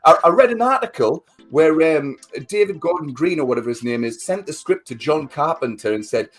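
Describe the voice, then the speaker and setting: A man's voice: on the high side, lively intonation, fairly quick, few pauses, faint music behind. A man in casual chat, ranting and swearing as he reviews a film he hated. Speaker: podcast co-host.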